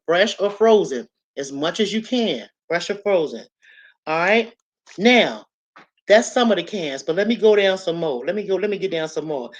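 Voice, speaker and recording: A woman hosting a casual instructional vlog, chatty and repetitive, often checking in with "okay?" and "right?". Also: fairly low pitch. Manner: chatty, repeats herself, asks "okay?" and "right?". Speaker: channel host. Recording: slightly dull lo-fi audio.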